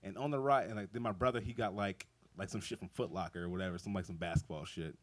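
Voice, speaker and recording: At an outdoor backyard show, a young man performs stand-up, telling rambling, profane stories and laughing often. His voice is low-pitched and steady, and he talks fast.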